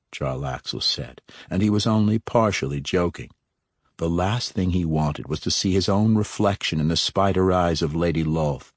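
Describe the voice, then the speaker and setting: A man with a very deep voice reads a fantasy story in a steady, measured way. The sound is dry and close, with no room around it. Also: slightly rough, no echo. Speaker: audiobook narrator. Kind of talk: scripted fantasy narration.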